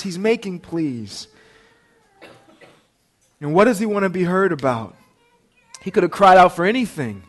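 A man preaching a sermon in an earnest manner, asking the listeners direct questions. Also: high-pitched. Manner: earnest, rising to impassioned pleading in quoted prayers.

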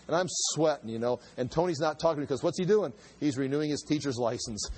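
A man's voice: a little high, lively intonation, racing, hardly any pauses, a little mellow, low-quality recording. A middle-aged man, a pastor, preaching a sermon in a conversational way, with asides and rhetorical questions.

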